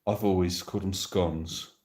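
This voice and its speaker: A man's voice: low voice, fairly even intonation, normal speed, darkish tone. A man from Devon streaming live from his phone on a sofa, chatting casually and reading viewer comments aloud in a playful, joking way. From Devon, England. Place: indoors on a sofa.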